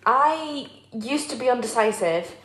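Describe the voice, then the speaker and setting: A young woman co-hosting a podcast who tells stories in an animated way and shares playful, strong opinions. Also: fairly high pitch, unhurried, a little hiss or hum. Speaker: podcast co-host. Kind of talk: casual chat. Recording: echoey room.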